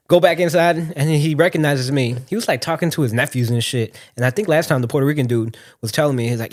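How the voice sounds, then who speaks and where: A young man co-hosting a podcast, telling a story in casual chat, animated and swearing freely, acting out the voices he quotes. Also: mid-range voice, a little fast. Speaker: podcast co-host.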